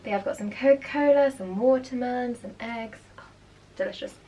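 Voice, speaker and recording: A woman's voice: fairly high pitch, a little fast, highs cut off, slight background noise. Young woman, primary teacher, casual reaction chat, explanatory. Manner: chatty, explanatory, animated asides.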